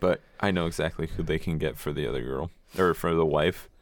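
A man co-hosting a casual podcast chat, relaxed and joking, swearing now and then. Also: very deep voice, a little fast, dry recording. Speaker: podcast co-host.

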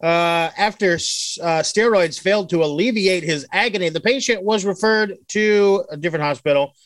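A man's voice: sits high, normal speed, no room sound. A man hosting a casual podcast, reading odd news stories aloud with crude joking asides.

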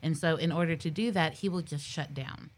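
A middle-aged woman hosts a relaxed conversation and tells stories with lively energy, laughing often. Her voice is slightly low. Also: fairly quick. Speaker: podcast host. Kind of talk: casual chat.

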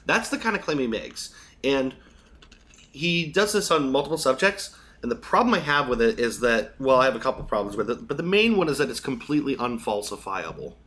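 A man's voice: medium pitch, sing-song, a little fast, fairly bright tone. A man co-hosting a casual podcast chat, explaining things in detail and getting mildly exasperated. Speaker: podcast co-host.

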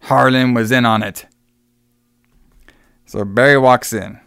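A man retells a film to a co-host in easy casual chat, slipping into the characters' lines and cursing offhand. His voice is smooth and clear, recorded close and dry. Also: medium pitch, steady tone, slow, fairly bright tone, no echo. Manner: swears casually. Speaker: podcast co-host recapping a film.

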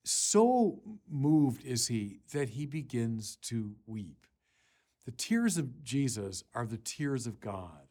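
A man preaching a sermon, unhurried with small restarts, rising to forceful emphasis on key lines. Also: medium pitch, big pitch swings.

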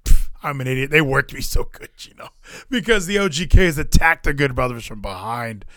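A man co-hosting a casual podcast chat, excitable and rambling, with frequent swearing and restarts. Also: medium pitch, a little fast, no room sound, clean studio sound. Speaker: podcast co-host.

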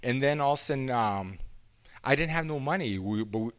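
Earnest halting Canadian preacher man. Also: medium pitch, expressive. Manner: earnest, halting, with frequent restarts. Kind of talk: personal testimony sermon.

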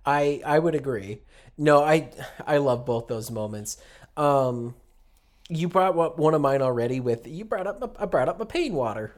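A man's voice: a little high, expressive, moderate pace. A man co-hosting a podcast in casual chat, talkative, laughing and swearing as he goes. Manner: chatty, profane, laughing. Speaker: podcast co-host.

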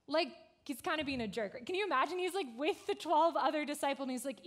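Woman pastor, youth sermon, fairly high voice, casual and animated, filler-heavy delivery. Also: fast talker, few pauses. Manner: casual, conversational, frequent "like" fillers; animated storytelling.

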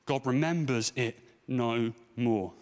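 A man's voice: medium pitch, takes it slowly, a little mellow. A man in his thirties preaching a sermon to a congregation, telling stories and asking the room rhetorical questions. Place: church hall. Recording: long hall reverb.

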